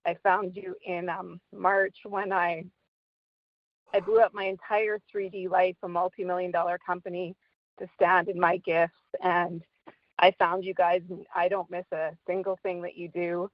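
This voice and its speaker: A woman caller speaks in a slightly low voice and thanks the hosts earnestly. Her audio comes through a dull, dry remote line. She sounds grateful and sincere. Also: steady tone, unhurried, no echo. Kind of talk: heartfelt call-in testimony. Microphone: remote call audio.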